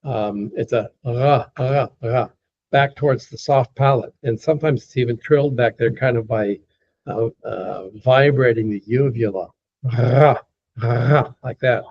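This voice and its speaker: A man teaching a class, patiently saying words slowly and repeating them, with many fillers, over an online call. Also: mid-range voice, creaky, breathy edge. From United States. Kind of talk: lecture teaching pronunciation. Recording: dull lo-fi call audio.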